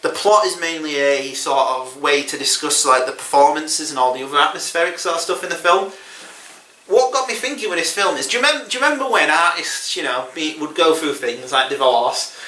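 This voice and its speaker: A man's voice: on the high side, lively intonation, a little fast, bright, forceful tone, distant mic, a little hiss or hum. Rambling man in an echoey room. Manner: rambling, chuckles often. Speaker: film review podcast host. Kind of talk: casual chat.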